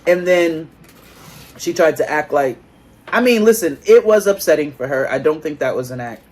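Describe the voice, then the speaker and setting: Male co-host, husky and a touch high, blunt and profane in casual talk. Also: expressive, a little mellow. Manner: blunt, profane, quick reactions. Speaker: podcast co-host. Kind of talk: casual recap chat.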